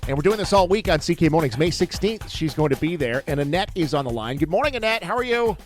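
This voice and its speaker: A man's voice: fairly high pitch, expressive, fast, soft background music. A man hosting a morning radio show, playful and laughing as he runs a call-in game.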